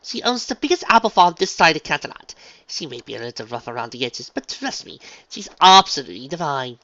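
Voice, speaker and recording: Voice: mid-range voice, big pitch swings, brisk, sharp tone, no echo, pitched above the performer's own voice. A reader voicing a refined, dramatic unicorn dressmaker mare who talks in a posh, gushing, theatrical way, on a dull lo-fi recording. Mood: gracious.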